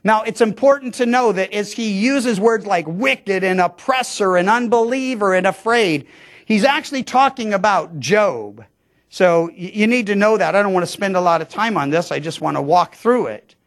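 A man's voice: high voice, animated, normal speed. A pastor giving a conversational verse-by-verse sermon, often restarting his sentences. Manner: conversational, frequent stammered restarts. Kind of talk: sermon, verse-by-verse Bible teaching.

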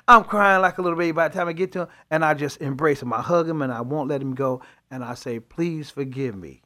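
Animated man telling testimony. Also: fairly high pitch, quick pace. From Chicago. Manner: animated storyteller, dialect grammar, laughs often. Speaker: pastor, co-host. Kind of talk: testimony in faith talk show.

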